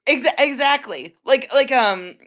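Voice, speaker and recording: Woman guest, true-crime chat, slightly higher pitch, rambling, lots of filler words. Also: expressive, unhurried, a bit bright. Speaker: guest researcher.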